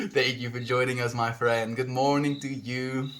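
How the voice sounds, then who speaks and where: A man's voice: mid-range voice, flat delivery, normal speed, fairly bright tone. Easygoing young man chatting on a livestream. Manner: laughs often, easygoing and affectionate. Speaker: streamer. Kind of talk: casual livestream chat reading viewer comments.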